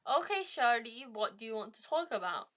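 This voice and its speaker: A woman's voice: on the high side, sing-song, normal speed, a bit bright. A woman from England with a Birmingham accent, chatting casually on a live call and hesitating with many fillers. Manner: hesitant, full of "like" and restarts. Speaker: guest speaker.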